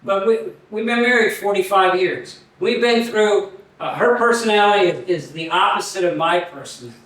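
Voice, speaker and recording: An older man preaching a sermon in an earnest, halting way, often restarting his words. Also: high voice, a bit bright. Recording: very echoey, voice from far off the mic.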